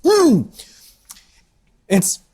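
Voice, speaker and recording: A woman's voice: high voice, big pitch swings, very slow, mellow, a little hiss or hum. A woman co-hosting a casual film review discussion, an actor by trade, ranting emphatically and theatrically with sarcastic asides. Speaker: film review podcast co-host.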